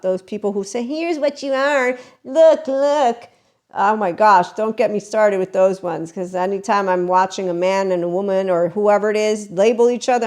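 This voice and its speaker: A woman's voice: mid-range voice, a little mellow. A woman hosting a podcast, talking in a rambling, chatty way about self-help and spirituality, jumping between tangents and laughing now and then. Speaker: podcast host and mentor.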